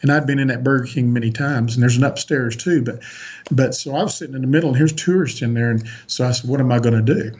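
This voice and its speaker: A man's voice: medium pitch, quick pace, darkish tone, husky, lo-fi sound. A man on a podcast as a guest, earnestly recounting a personal story with frequent restarts.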